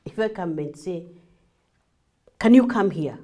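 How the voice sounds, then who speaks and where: Animated Kenyan woman marriage coach. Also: on the low side, a little slow. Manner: animated, acts out examples, mixes in Swahili. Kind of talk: classroom teaching.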